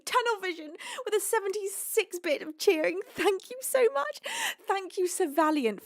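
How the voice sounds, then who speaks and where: Bubbly breathless woman, high voice. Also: a little mellow, no room sound, clean studio sound. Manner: bubbly, laughs often, gushing thanks. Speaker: livestream singer thanking viewers. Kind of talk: live stream chat.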